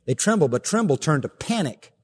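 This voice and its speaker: A male pastor preaching a sermon emphatically, with rhetorical questions and low, pointed stresses. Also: very animated, a little fast, darkish tone, slightly rough. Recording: preached in a hall with long reverb.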